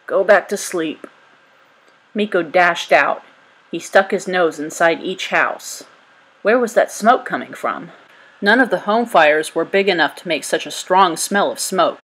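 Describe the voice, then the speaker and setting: A woman reading a children's storybook aloud in an even storytelling manner. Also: lowish voice, a little slow, husky, low-quality recording. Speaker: storybook reader.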